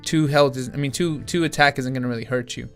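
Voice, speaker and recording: A tired-sounding man talks through a card game as he plays, rambling and restarting his sentences. His voice sits at an ordinary middle pitch. Faint guitar music plays quietly under his talk. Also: fairly even intonation, fast talker. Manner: rambling, thinking aloud with many restarts. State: yawning, tired. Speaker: gaming channel host. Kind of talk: casual gameplay commentary.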